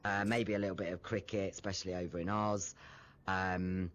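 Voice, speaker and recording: A man's voice: low voice, flat delivery, normal speed, fairly bright tone, dull audio. A British man chatting frankly and casually as an interview guest over an online call. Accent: British English. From Britain. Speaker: interview guest, content creator.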